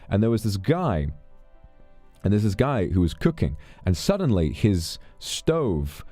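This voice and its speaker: A man's voice: fairly low pitch, warm tone, dry recording. A British man chatting casually on a stream, rambling and swearing freely as he tells stories.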